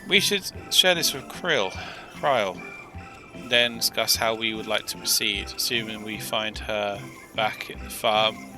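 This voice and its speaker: A man voicing a reserved, formal companion character in a video game, with deliberate phrasing and game music behind. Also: fairly low pitch, close to an everyday voice, low-quality recording. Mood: thoughtful.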